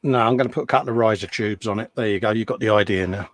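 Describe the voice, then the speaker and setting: A man's voice: on the low side, rapid-fire, no echo. A man hosting a casual chat while building a model, teasing and bantering. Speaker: host.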